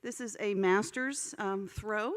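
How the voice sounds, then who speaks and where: A woman's voice: mid-range voice, slow pace. A woman hosting a live event, thanking the guest and presenting a gift in a polished manner. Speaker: event host. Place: large event hall. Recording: hall reverb with audience.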